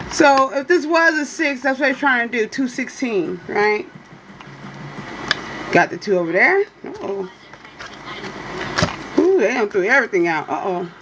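High-voiced teasing woman livestreamer. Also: fairly bright tone, slight background noise. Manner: playful, teasing, keeps asking "you hear me?"; drawling, swoops into high exclamations. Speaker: livestream host reading for viewers. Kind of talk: casual livestream chat with viewers.

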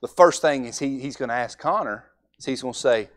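A man's voice: mid-range voice, fairly quick. Young man, preacher, folksy sermon, acts out little dialogues. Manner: folksy, acts out altar conversations. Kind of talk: Sunday evening sermon.

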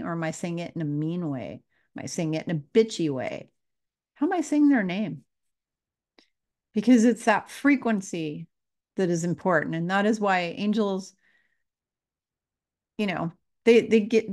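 In a casual spiritual talk to camera, a woman teacher addresses her viewers earnestly, repeating her questions. Her voice is lowish and a little mellow.

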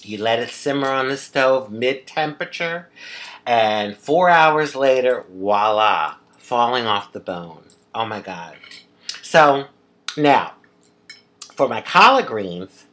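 A woman with a Philadelphia accent chatting through a casual home cooking vlog, expressive and quick to laugh. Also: a bass voice. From Philadelphia, USA. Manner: chatty, expressive, laughs often, drawn-out emphasis. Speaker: vlogger.

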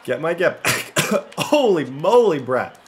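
A young man giving casual, rambling gameplay commentary, jumping from low mutters to loud excited outbursts. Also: slow pace. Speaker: gaming YouTuber.

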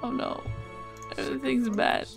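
A Czech-accented woman giving casual let's-play commentary, excitable, swearing and yelping at the game. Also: high-pitched, moderate pace, gravelly, over music. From Czech Republic. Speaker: gaming video creator.

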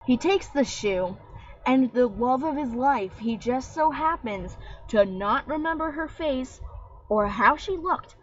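A woman's voice: sits high, lively intonation, takes it slowly. Sarcastic young woman ranting on lo-fi audio. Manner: sarcastic, rambling, mocking. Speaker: vlogger. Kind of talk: casual rant. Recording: dull lo-fi webcam audio.

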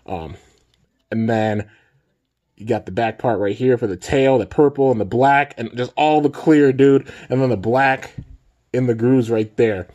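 An excitable young man hosts a casual toy unboxing on his own channel. He talks at a middling pitch and keeps calling his viewers "man" and "dude". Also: a little slow, dull audio. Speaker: toy reviewer and channel host.

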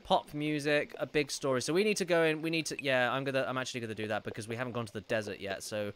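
A man's voice: medium pitch, rapid-fire, fairly bright tone, a little hiss or hum. A man streaming a video game live, joking around, thanking viewers for donations and reacting to scenes. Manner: joking, self-deprecating, reads out donations.

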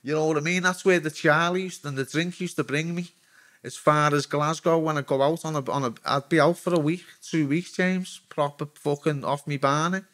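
A man's voice: a little high, fairly even intonation, normal speed, fairly bright tone, dry recording. A man in his forties with a Liverpool accent, a former footballer telling his story as a guest in frank, rambling talk full of swearing. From Liverpool, England. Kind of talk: candid storytelling.

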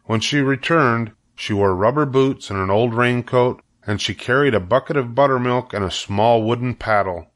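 An older man reading a children's book aloud with steady, clear storytelling. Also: mid-range voice, normal speed, hardly any pauses.

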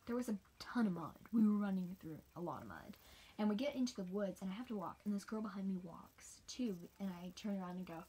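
A teenage girl telling a rambling storytime for her channel, chatty with many fillers and soft whispered asides. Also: medium pitch, lively intonation, fairly quick, slight background noise. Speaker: vlogger. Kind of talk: casual storytime.

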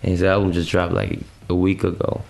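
A man's voice: low voice, level tone, a little fast, vocal fry, darkish tone. A man chatting casually as an interview guest, laid-back and slangy, cursing freely. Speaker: guest musician.

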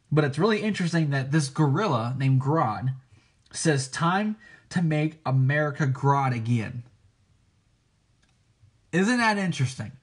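A preacher giving an informal teaching, talking hesitantly with many restarts and frequent checks for agreement. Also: male voice, fairly high pitch. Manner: hesitant, frequent restarts, keeps asking "okay?".

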